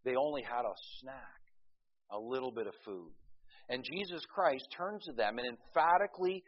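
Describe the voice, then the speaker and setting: A man preaches with emphatic swings from loud, urgent bursts to hushed intensity, often restarting words and dropping in folksy asides. His voice sits at an ordinary middle pitch, and the recording sounds a little dull and lo-fi. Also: moderate pace, breathy edge. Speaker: pastor. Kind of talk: sermon.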